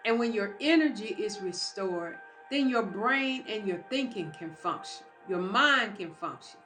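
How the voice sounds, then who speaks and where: A woman's voice: mid-range voice, animated, a little slow, a bit bright, soft background music. Female motivational speaker, emphatic and preacher-like; roomy recording. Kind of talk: live motivational talk.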